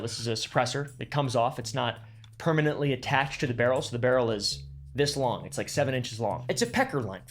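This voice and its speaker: A man narrates a casual explainer in a middle-pitched voice and keeps cutting in with sarcastic, crude asides. Soft music plays low behind him. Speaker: YouTube host.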